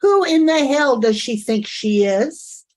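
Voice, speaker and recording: A woman's voice: high-pitched, animated, slow pace, a little mellow. A woman streaming live reaction commentary, indignant and talking straight to her chat.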